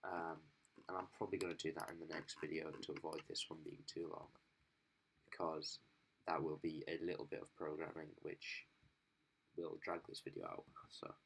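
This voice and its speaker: A man's voice: very deep voice, flat delivery, normal speed, gravelly, fairly bright tone, slight background noise. A man talking informally through a screen-recorded coding tutorial, thinking aloud with frequent ums and self-corrections. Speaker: student developer demonstrating software.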